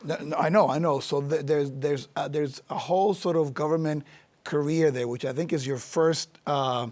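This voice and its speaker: A man's voice: fairly high pitch, normal speed, darkish tone. Man hosting an easygoing interview. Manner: affirming, asks long searching questions. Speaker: interview host, university chancellor. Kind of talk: conversational interview.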